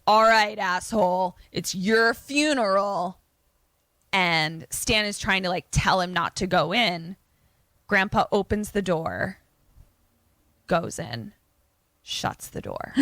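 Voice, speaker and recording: A woman co-hosting a casual podcast, retelling a film plot in an animated way with quick asides and laughs. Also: mid-range voice, no room sound. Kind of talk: casual chat.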